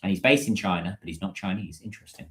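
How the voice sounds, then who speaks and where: A man's voice: low-pitched, fast, a bit bright, reverberant. A British man hosting a casual livestream, chatting and answering viewers' comments as they come in. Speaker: livestream host.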